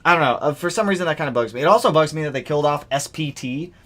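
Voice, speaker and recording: A young man hosting a casual livestream about cars, animated as he reads donations and reacts to news. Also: on the high side, racing. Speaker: livestream host.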